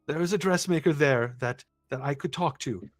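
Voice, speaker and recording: A man voicing a grieving noblewoman who speaks haltingly and hesitantly. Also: medium pitch, steady tone, no room sound, clean studio sound, pitched above the performer's own voice. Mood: eager. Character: grieving, shaken noblewoman, a baroness.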